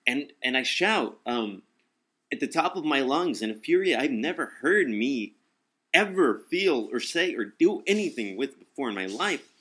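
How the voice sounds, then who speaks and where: A young man in casual talk, telling a story. He is animated, acts out quotes and swears freely. His voice sounds bright and tense. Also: mid-range voice, a little hiss or hum.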